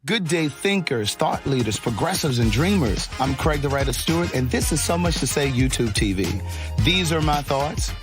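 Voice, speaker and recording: A man's voice: mid-range voice, animated, normal speed, music in the background. A man hosting his own show, showy in intros and loosely chatty on a phone live stream from a backyard. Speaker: host. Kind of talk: scripted promo and casual live stream. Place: friend's house, backyard.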